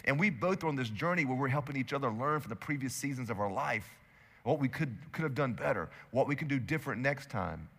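A male pastor delivers a sermon in a bright, forceful voice. He swings between loud emphatic bursts and hushed, intimate stretches. His words ring out with the long reverb of a large church hall. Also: medium pitch, lively intonation, fast, creaky.

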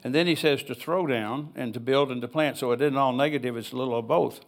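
Speaking quickly in a mid-range voice, an older man gives a church sermon as pastor. He reads from scripture, then rambles into easygoing, conversational personal asides.

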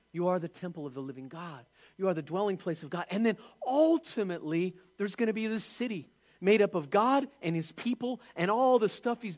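Animated high-voiced male preacher. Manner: animated, emphatic preaching with rhetorical questions. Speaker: pastor. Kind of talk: sermon.

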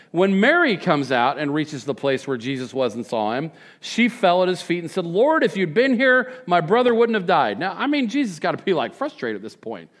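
In a slightly high voice, a pastor gives his sermon like a conversation. Moments of soft reflection alternate with questions he presses hard.

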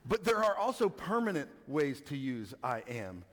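A man's voice: on the high side, very animated, moderate pace, fairly bright tone. A man from Texas, preaching a casual teaching sermon and asking the congregation questions. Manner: conversational teaching, asks the audience questions, frequent restarts. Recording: reverberant hall.

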